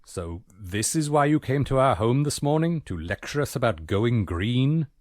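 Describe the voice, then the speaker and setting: A man's voice: mid-range voice, very animated, normal speed, no echo, natural voice. An actor voicing a prim, formal male butler with dry, polite delivery. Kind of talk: video game voice acting.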